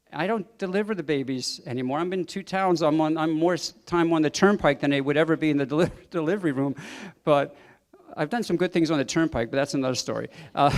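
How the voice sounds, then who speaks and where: A middle-aged man, a doctor, giving an earnest, emphatic speech at a banquet, now and then chuckling at his own asides. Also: on the high side. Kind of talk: public speech. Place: banquet hall.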